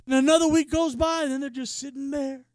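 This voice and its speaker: A man preaching a sermon in a casual, passionate way, often saying "man" and swinging from quiet talk to shouting. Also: extremely high pitch, steady tone, quick pace, no echo, studio quality.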